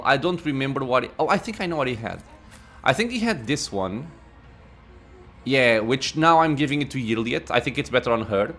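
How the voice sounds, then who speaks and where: A man's voice: medium pitch, a bit bright. A man giving casual gameplay commentary as a let's play host, thinking aloud with many "uh"s and laughing at himself.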